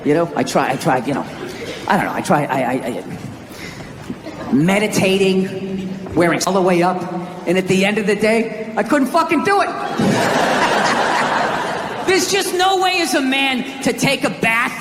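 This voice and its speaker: A man's voice: high-pitched, animated, a little slow, pauses often, background noise. A man from the United States doing a stand-up set, sarcastic and profane, ranting at full tilt. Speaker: stand-up comedian. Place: stage in a large venue. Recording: live show in echoey hall, loud crowd laughter.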